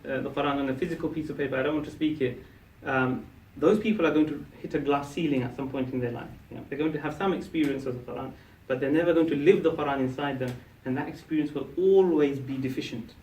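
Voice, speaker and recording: Fairly high-voiced man teaching in an echoey room. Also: fast, few pauses, darkish tone, slight background noise. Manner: explains, asks the class questions; frequent "yeah?" and restarts. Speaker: Arabic teacher. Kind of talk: classroom teaching talk. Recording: echoey room, mic from a distance.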